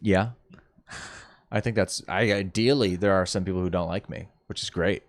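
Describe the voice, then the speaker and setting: A man's voice: low-pitched, normal speed, no echo. A young man rambling casually, telling a story with lots of fillers and self-mocking jokes. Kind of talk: casual chat.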